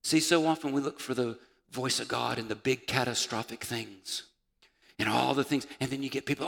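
A male pastor preaches in a church sanctuary, his mid-pitched voice carrying some gravel. The room gives it a long, ringing reverb. He swings from loud calls to hushed, almost whispered lines. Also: steady tone, moderate pace. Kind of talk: sermon.

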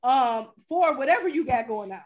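A woman co-hosting a casual chat show, talking in a blunt, animated and profane way. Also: sits high, moderate pace. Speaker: podcast co-host.

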